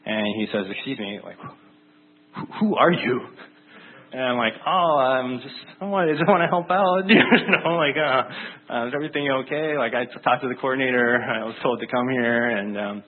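A man's voice: medium pitch, brisk. A man who is a pastor, preaching a conversational sermon in a casual, chatty way with many fillers. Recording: phone-like narrow band.

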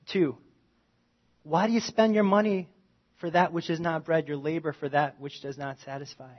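A man preaching a sermon with a fairly high voice, talking to his congregation in an easy, conversational way. He swings between loud, emphatic lines and quiet asides. The recording sounds dull and muffled. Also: moderate pace. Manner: animated, conversational preaching with wide swings in loudness. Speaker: pastor.

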